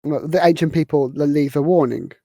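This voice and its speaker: A woman's voice: sits low, fairly quick, gravelly, dark tone, dry recording. A woman hosting a podcast, casually retelling a movie's plot with lots of fillers. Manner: rambling, filler-heavy retelling of scenes. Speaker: podcast host. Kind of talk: casual movie recap chat.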